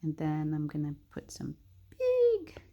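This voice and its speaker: A young woman narrating a casual drawing tutorial, chatty and thinking aloud with soft muttered asides. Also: fairly low pitch, a little slow, muffled recording.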